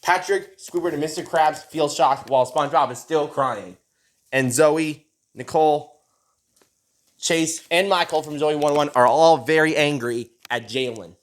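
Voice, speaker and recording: A man's voice: on the high side, unhurried. A young man narrating a rambling, repetitive fan-made story and reading out every character's lines himself. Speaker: narrator voicing all characters.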